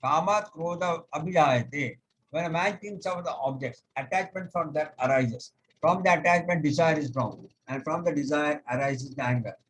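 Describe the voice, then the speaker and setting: Man, yoga teacher, video-call lecture, step-by-step explaining, slow verse chanting, slightly high voice, faint background hiss. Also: a bit bright, low-quality recording. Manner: explains step by step, often pausing with "okay"; chants scripture verses slowly. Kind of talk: online lecture.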